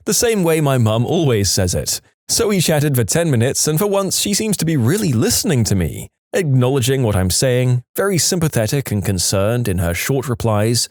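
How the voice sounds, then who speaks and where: A man telling submitted stories in a relaxed, conversational way, his pitch moving a lot from line to line. The sound is dry and close to the mic. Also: normal speed, no echo. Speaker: story narrator. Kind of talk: storytelling narration of submitted stories.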